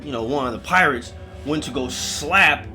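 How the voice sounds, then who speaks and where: A man's voice: mid-range voice, normal speed, music in the background. A man telling a spooky story in a casual, comedic way, full of swearing and rambling asides.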